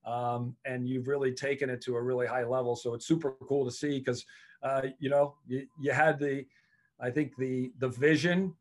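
A man's voice: mid-range voice, level tone, moderate pace. Male coach, podcast guest, earnest and thoughtful, trips over repeated words, mid-range voice. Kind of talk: casual interview talk.

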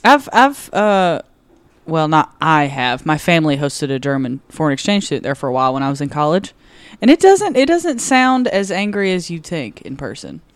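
Low-voiced lively woman chatting. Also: no room sound. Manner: animated, playful, quick to laugh. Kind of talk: casual group chat.

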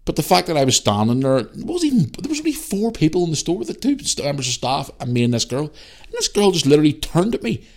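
A man in his thirties tells a story on his podcast, heated and profane. His pitch leaps up and down as he goes, lively all the way through. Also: fast. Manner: heated storytelling, heavy swearing, animated re-enacted dialogue. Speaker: podcast host. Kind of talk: casual ranting monologue.

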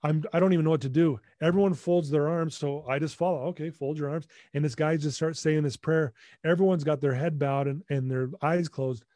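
Male podcast guest, emphatic animated storyteller; slightly high, warm tone, dry recording. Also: a little fast, hardly any pauses, dry recording. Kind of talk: personal storytelling.

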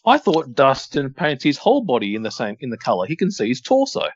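A man's voice: medium pitch, wildly swooping pitch, fairly quick, slightly rough, no echo, lo-fi sound. A man co-hosting a wrestling podcast in casual chat, wry and questioning, laughing often. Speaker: podcast co-host.

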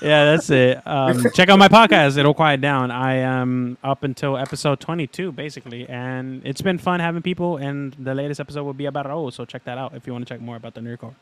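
A man's voice: medium pitch, fairly quick, few pauses, a bit bright, clear, resonant tone. A man co-hosting a casual podcast, laid-back and swearing. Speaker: podcast co-host. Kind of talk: casual chat.

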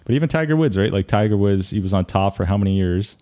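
A young man in easy conversation with a friend, spinning an animated story and laughing often. His voice sits low and sounds warm and relaxed. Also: fast. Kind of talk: casual chat, storytelling.

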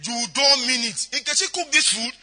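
A man playing a blunt, excitable older Yoruba husband who talks loudly in exclamations. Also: extremely high pitch, moderate pace, exaggerated voice. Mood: amazed.

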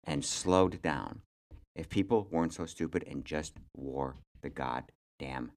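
Low male podcast host, blunt ranter, stumbles and repeats. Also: slow pace, background noise. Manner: blunt, ranting, repeats words. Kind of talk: casual chat.

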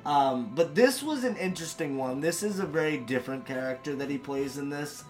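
A man's voice: on the high side, expressive, brisk, faint music behind. A man guesting on a podcast in casual chat, enthusiastic and swearing freely as he rambles.

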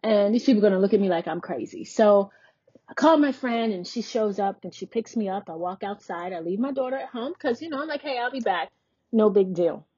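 A woman's voice: mid-range voice, animated, fairly quick, mellow, breathy edge, no room sound, dull audio. A woman in her forties, a podcast host, telling a personal story in a candid, conversational way and acting out the dialogue she quotes. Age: 40s.

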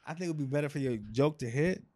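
A man's voice: on the high side, rapid-fire, mellow, no room sound. Give me a man riffing casually as a comedy podcast guest, reflective but joking. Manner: reflective, joking, repeats words.

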